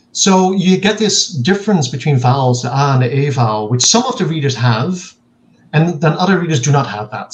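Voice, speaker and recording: A man speaking as a linguist guest in an interview, explaining in a measured way and acting out quoted examples. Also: fairly high pitch, poor audio.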